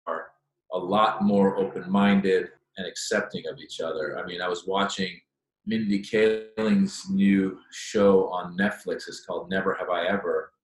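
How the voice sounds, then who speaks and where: A man, a stand-up comedian, answering interview questions in an animated, chatty storytelling way. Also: low-pitched, a little slow. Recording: echoey room.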